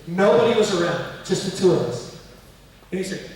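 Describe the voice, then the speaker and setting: Middle-aged male lecturer, higher register, animated storyteller; distant mic in a roomy museum hall. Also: a little fast, slight background noise. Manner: animated anecdotes, acting out quoted voices. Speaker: museum speaker.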